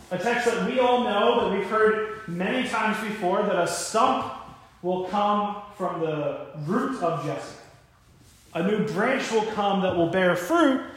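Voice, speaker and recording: Young man preaching in an echoey church. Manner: animated storytelling, voices God and a parent with raised pitch. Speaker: pastor. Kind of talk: sermon.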